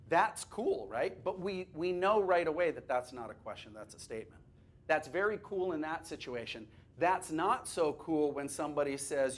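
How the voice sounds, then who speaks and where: In a classroom or workshop room full of listeners, a fairly high-voiced man presents a lecture at a teacher training workshop. He chats in a lively, easygoing way, asks the room questions and throws in quick jokes.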